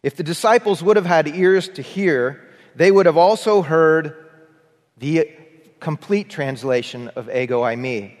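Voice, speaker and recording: A man's voice: on the high side, a little slow. A man preaching in a church with a slightly raised voice and earnest, shifting emphasis. His voice carries a long reverb from the sanctuary around him. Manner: earnest preaching, varied emphasis, leads congregation in repetition. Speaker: pastor. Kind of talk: sermon.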